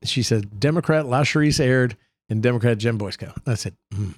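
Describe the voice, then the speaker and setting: A man's voice: mid-range voice, brisk, no echo. A man, co-hosting a casual podcast, telling joking stories and mimicking colleagues. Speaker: podcast co-host and state senator.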